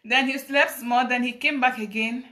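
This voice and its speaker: A Ghanaian woman speaks in a high, bright voice on a live stream. She talks in a dramatic, preachy confessional style, switching between English and Twi. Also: steady tone, normal speed. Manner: preachy, dramatic, laughing storytelling mixed with Twi. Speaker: livestreamer confessing. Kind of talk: Facebook live confessional monologue.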